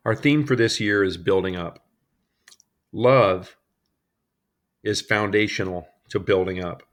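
A man's voice: fairly low pitch, slow pace, long pauses. A man delivering an earnest sermon to a congregation, telling personal stories and reading scripture. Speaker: preacher.

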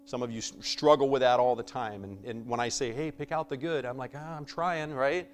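Man, preacher, conversational sermon, animated, playful acted-out quotes, loud-to-soft swings, mid-pitched voice. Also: a little fast, a little hiss or hum. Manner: shifts between loud emphasis and soft asides.

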